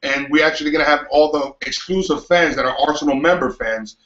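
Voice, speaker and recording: A man's voice: a little high, a little fast, a bit bright, roomy sound, highs cut off. A man chatting casually, rambling with lots of fillers and restarts. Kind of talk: casual chat. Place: outdoors in New York City.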